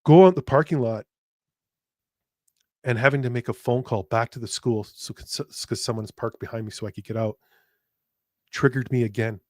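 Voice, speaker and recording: A podcast host delivers a candid personal monologue, earnest and emotional, speaking straight to his listeners and bluntly swearing now and then. He stumbles over restarts and repeated words, pausing often in a mid-range voice at normal speed. The recording is dry and studio quality.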